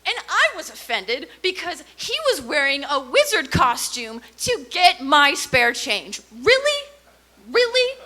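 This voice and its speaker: A young woman performing a stand-up comedy set, telling stories in an animated, sarcastic way. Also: high voice.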